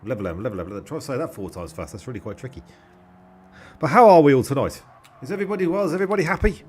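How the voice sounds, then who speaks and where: A man's voice: a little high, sing-song, racing, slightly rough, faint music behind. A young man commentating a sim race on a live stream, chatty and jokey, with casual swearing and thanks to subscribers.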